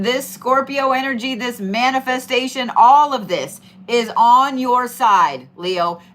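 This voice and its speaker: A woman's voice: a little high, a bit bright. A middle-aged woman giving casual, playful zodiac tarot readings, swearing freely and hyping up her listeners. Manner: swearing, playful, hyped-up and chatty.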